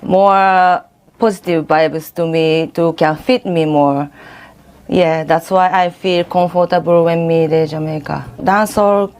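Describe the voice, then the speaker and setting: A woman answering interview questions in halting, non-native English. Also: fairly low pitch, fairly even intonation, a little mellow, clear, resonant tone.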